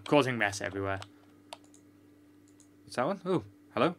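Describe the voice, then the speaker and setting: A man's voice: mid-range voice, big pitch swings, moderate pace. A man giving chatty, joking, sarcastic commentary while playing a video game. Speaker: gamer. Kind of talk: let's-play commentary.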